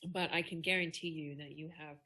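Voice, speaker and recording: Bright low-voiced woman hosting a Q&A. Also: steady tone, a little fast. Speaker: Q&A host. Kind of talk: hosting a live Q&A.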